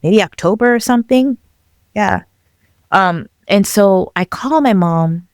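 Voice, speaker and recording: A young adult woman telling her own story as a podcast guest, animated and acting out the voices of the people in it, laughing often. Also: mid-range voice, measured pace, dry recording, studio quality. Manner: animated, acts out quoted dialogue, laughs often. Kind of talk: personal storytelling.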